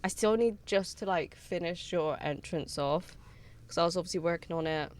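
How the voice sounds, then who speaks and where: A woman's voice: lowish voice, normal speed. A woman streamer in casual live-stream chat, greeting her viewers one by one and sounding tired. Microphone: streaming mic with headphones on. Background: faint chill background music.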